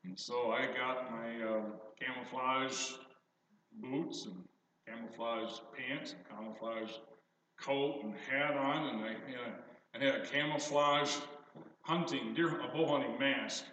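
A man's voice: mid-range voice, slow pace, muffled recording. Older man preaching in an echoey hall. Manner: animated, emphatic storyteller. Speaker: pastor. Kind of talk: sermon with scripture reading and storytelling. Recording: echoey hall from far off, faint noise.

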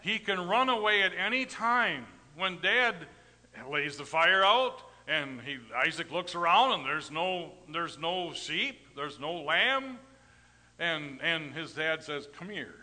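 Forceful, bright-voiced preacher man in a reverberant hall. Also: fairly high pitch, lively intonation, slow. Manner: folksy, rambling anecdotes with tag questions; big swings between loud emphasis and quiet asides. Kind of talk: storytelling sermon.

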